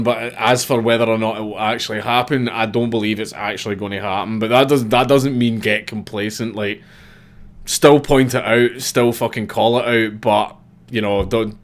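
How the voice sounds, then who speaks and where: Blunt, sweary Scottish man, lowish voice. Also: brisk. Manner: blunt, sweary, repeats words when starting sentences. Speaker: livestream host reading viewer comments. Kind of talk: casual livestream chat.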